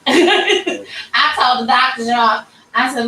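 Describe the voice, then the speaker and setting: A woman's voice: sits high, lively intonation, slow, bright, forceful tone, slight background noise. A woman in her thirties hosting a livestream, telling a personal story candidly and casually and talking straight to her viewers. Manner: candid and conversational, addressing viewers as y'all. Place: tattoo shop. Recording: echoey room, mic at a distance.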